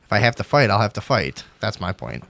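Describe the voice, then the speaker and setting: A man's voice: on the low side, sing-song, brisk, gravelly, fairly bright tone. A young man hosting a talk show, debating in a rambling, emphatic way and swearing a lot. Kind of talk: casual profane debate.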